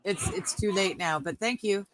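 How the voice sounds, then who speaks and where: A woman's voice: medium pitch, moderate pace, slight background noise, rough recording. A woman on a livestream who mostly answers with short agreeing remarks and brief explanations. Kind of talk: casual livestream chat.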